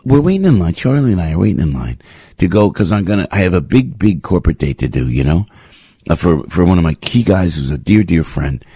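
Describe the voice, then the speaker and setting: A man's voice: deep voice, warm tone, breathy edge, no echo. A man hosting a radio talk show, delivering an opinionated monologue. He rants emphatically and hammers points by repeating short phrases. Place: radio studio.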